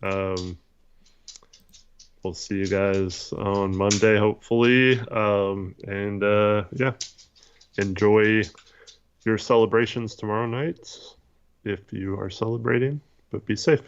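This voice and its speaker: A man's voice: on the low side, steady tone, takes it slowly, highs cut off, a little hiss or hum. A man co-hosting a casual postgame chat, laid-back, mostly giving short agreeing replies. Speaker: podcast co-host.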